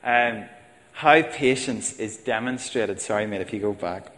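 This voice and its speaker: A man's voice: on the low side, a little slow, a bit bright, in a large hall. A man preaching a sermon, talking plainly and calling his listeners folks. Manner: conversational, addresses congregation as folks. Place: church.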